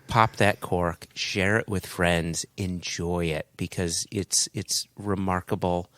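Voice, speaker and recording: A man's voice: deep voice, fairly even intonation, takes it slowly, fairly bright tone, dry recording. A man co-hosting a podcast in casual chat, emphatic and enthusiastic, talking in punchy short phrases. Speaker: podcast co-host.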